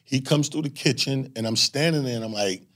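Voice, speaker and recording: A man's voice: medium pitch, fairly quick, fairly bright tone. A middle-aged man, a stand-up comedian, tells a story with lots of swearing and laughter and acts out what people said. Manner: profane, laughing, acts out dialogue. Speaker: comedian guest. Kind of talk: animated storytelling with acted-out quotes.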